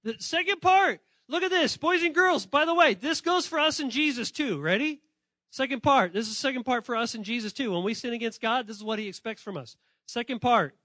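A man preaching a lively, playful sermon to children and students, often calling on listeners and correcting himself as he goes. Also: very high voice, brisk, no room sound. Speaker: pastor speaking to children and students. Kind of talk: lively sermon addressed to kids.

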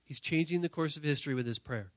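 A man preaching a sermon to young people in a church, talking while sick, emphatic and direct, often repeating phrases and swinging from loud to quiet. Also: on the high side, fast talker, no room sound. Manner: emphatic, rising to near-shouting then dropping quiet; repetitive, direct address to the audience. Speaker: youth pastor.

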